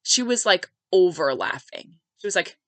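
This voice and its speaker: A woman's voice: fairly low pitch, expressive, normal speed, fairly bright tone, no echo, poor audio. A woman hosting a podcast and telling a personal family story in a heartfelt, conversational way, dropping in many filler words. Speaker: podcast host.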